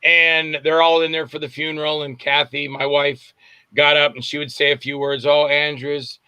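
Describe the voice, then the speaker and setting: A man, a film director, telling lively anecdotes in a casual interview, acting out the voices in his stories. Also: fairly high pitch, moderate pace, clean tone, dry recording, dull audio. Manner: animated anecdotes, acts out voices and shouts. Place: Tampa area, Florida.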